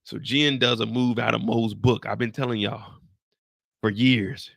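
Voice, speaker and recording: A man's voice: mid-range voice, steady tone, measured pace, vocal fry, a bit bright, dry recording, studio quality. A man hosting a live TV episode recap, telling the story in a profane, slangy way and acting out scenes with sound effects and his own anecdotes.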